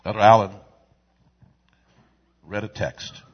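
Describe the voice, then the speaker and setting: A man preaching a sermon in a church, swinging from quiet asides to shouted lines in a call-and-response style. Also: fairly low pitch, flat delivery, slow pace, muffled recording. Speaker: pastor. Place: church sanctuary.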